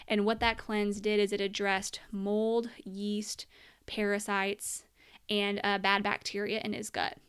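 A woman's voice: medium pitch, completely flat delivery, unhurried, a bit bright, clean tone. A young woman telling her personal story as a mother in an earnest, emotional monologue, at times close to tears.

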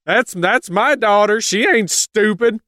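A man voicing a furious, sharp-tongued goddess mother in a high, indignant voice during a podcast retelling. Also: a little slow, no room sound, studio quality. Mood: outraged.

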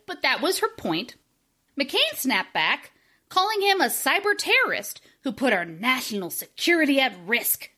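Woman podcast host, high and lively voice, sarcastic, reads from notes. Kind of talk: casual comedic podcast chat.

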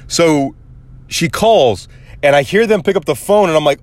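Animated young man telling a story. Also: on the high side, a little slow, no echo. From Arizona, USA. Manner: animated, acts out quoted voices, swears casually. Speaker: podcast host. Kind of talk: casual storytelling monologue.

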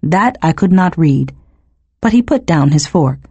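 A woman reads a first-person audiobook with a husky, slightly breathy voice. Her pitch is on the low side but moves very expressively as she tells the story and gives the characters their voices. The sound is dry and close. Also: lively intonation, a little slow, dark tone, no room sound, highs cut off. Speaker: audiobook narrator.

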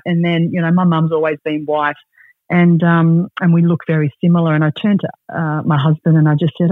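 A woman in her forties with an Australian accent, chatting as a podcast guest and telling stories with lively acted-out quotes. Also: on the low side, moderate pace, no room sound. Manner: bubbly, animated storyteller who acts out quotes. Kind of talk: casual interview chat. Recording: dry, tinny phone-like line.

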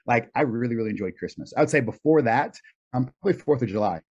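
A man's voice: mid-range voice, lively intonation, fast, a little mellow, slightly rough. A middle-aged man answering interview questions in a thoughtful, easygoing way, laughing often. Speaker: guest. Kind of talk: casual interview chat. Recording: dull lo-fi sound.

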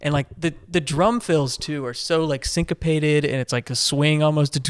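A man's voice: fairly high pitch, moderate pace, smooth, no echo. Enthusiastic man gushing on a podcast. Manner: enthusiastic, rambling with restarts and fillers. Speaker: podcast co-host. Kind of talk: casual music discussion.

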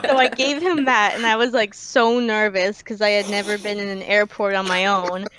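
A woman's voice: mid-range voice, steady tone, moderate pace, over a noisy crowd, rough recording. A young woman telling a self-deprecating story in casual chat, with a giggly manner.

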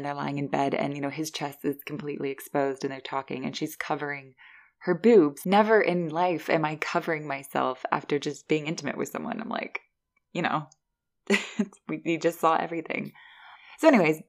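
A woman hosting a podcast, giving a chatty, animated recap of a movie. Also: deep voice, gravelly. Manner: chatty, animated storytelling with laughs. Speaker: podcast host reviewing a film.

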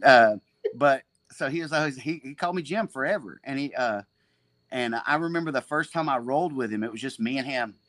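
A man's voice: mid-range voice, fairly quick, a bit bright, no room sound. Rambling, profane man telling stories. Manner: rambling, profane, frequent restarts and laughter. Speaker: podcast guest, jiu-jitsu black belt and gym owner. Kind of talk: casual storytelling chat.

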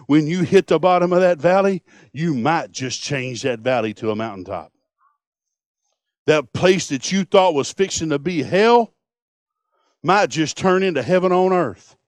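A man preaching a sermon, folksy and impassioned, swinging from hushed to booming. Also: no room sound, studio quality. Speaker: pastor.

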